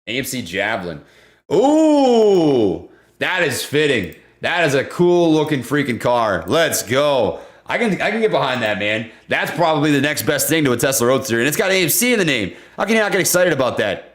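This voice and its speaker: A man hosting a live stream about stocks, chatting casually and excitably with viewers and breaking down price charts. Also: medium pitch, fairly quick, hardly any pauses. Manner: excitable, easygoing, laughs often, slangy. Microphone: desk condenser microphone.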